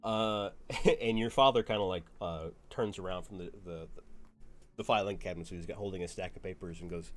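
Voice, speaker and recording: A man's voice: low voice, a little fast. A man narrating as game master of a tabletop game, rambling with lots of fillers. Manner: rambling, full of fillers and laughs.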